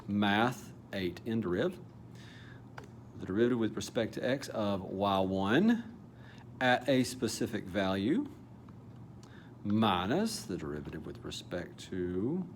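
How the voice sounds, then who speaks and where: The speaker is a man with a lowish voice, a math teacher casually reasoning out loud as he explains a calculus problem step by step. Now and then he corrects himself, and slight background noise sits under the audio.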